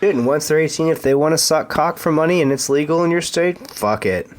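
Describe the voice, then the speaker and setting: A man's voice: fairly high pitch, fairly quick. A man co-hosting a casual podcast chat, earnest and stumbling over repeated words. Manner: stammering restarts, earnest. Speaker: podcast co-host.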